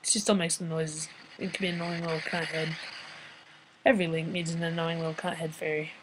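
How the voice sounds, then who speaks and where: A woman's voice: deep voice, little pitch movement, fairly quick, background noise. A young woman giving casual, crude and sarcastic commentary while playing a game. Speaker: game player. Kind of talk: let's play commentary. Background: game music.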